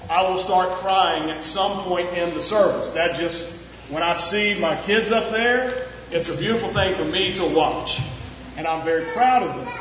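A man preaching a sermon as pastor, earnest and unhurried with long pauses, in a church. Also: sits high, a bit bright, a little hiss or hum. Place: church sanctuary. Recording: echoey, muffled church recording from far off.

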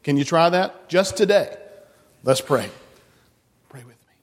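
A man's voice: medium pitch, sing-song, measured pace, long pauses. A man leading a children's sermon in a church, coaxing and playful as he talks to the kids. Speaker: children's message leader. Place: church sanctuary. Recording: long church reverb.

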